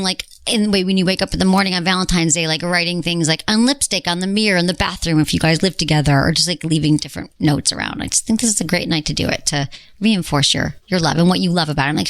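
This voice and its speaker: A middle-aged woman hosts a podcast in a casual, chatty way, upbeat and frank as she hands out advice. Her voice sits a little low and sounds dry and close, with no room around it. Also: fast talker, a bit bright, dry recording. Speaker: podcast host. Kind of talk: casual chat.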